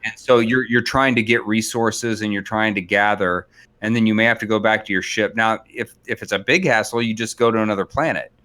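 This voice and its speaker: Laid-back co-host, lowish voice, walks through details at an easy pace. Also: male voice, fairly quick. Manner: relaxed explaining, with fillers. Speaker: podcast co-host. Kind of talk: casual gaming chat.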